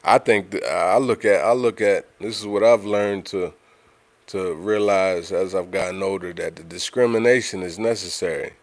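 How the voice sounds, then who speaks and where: Deep voiced guy, chatting loose on his livestream, dry sound, lots of you know what im sayin. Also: fairly even intonation, normal speed, no echo. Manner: conversational, repeats himself, frequent "you know what I'm saying". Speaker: livestream host. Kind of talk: casual livestream talk.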